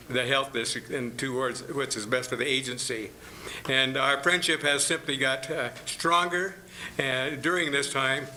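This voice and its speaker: A man in his sixties, a board chair giving remarks at a meeting, halting with many fillers and restarts. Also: mid-range voice, sharp tone, slight background noise, low-quality recording. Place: meeting room.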